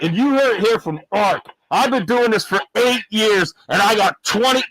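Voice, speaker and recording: Man putting on a fifty-something clown, put-on Arkansas accent, brash shouted rambling, slow drawl, dry close sound. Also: high-pitched, dry recording, exaggerated voice, poor audio. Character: loud dim-witted male clown from the American South, fifty-six. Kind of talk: comedic livestream character rant.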